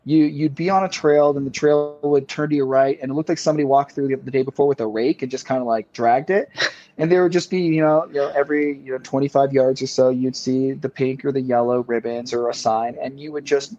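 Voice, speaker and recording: A man's voice: mid-range voice, fairly even intonation, a little fast, mellow, no room sound. A man as a podcast guest, telling a long story in a casual, rambling way with many fillers and repeated words. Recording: slightly dull lo-fi sound.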